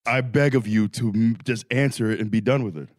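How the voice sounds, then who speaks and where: A man's voice: medium pitch, brisk, dry recording, studio quality. A man co-hosting a casual podcast, impatient and pushing the others for answers. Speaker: podcast co-host. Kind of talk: casual chat.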